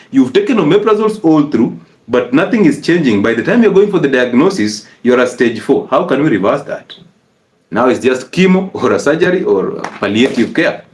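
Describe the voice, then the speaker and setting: A man giving a lively health talk, animated and teasing, with rhetorical questions. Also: on the high side. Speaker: health educator. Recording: echoey room.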